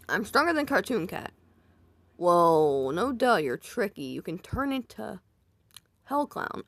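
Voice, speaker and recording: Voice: medium pitch, fairly bright tone, no echo. Casual YouTuber reacting to comments, self-mocking, recorded dry at a home mic. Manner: self-deprecating, rambling, reacts aloud. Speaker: YouTuber reading viewer comments.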